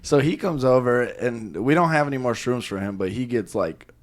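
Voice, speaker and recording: A man's voice: medium pitch, expressive, moderate pace. A young man co-hosting a podcast, telling stories to old friends in casual chat, swearing and saying dude a lot. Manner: laughing storyteller, heavy swearing, says dude often. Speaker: podcast co-host.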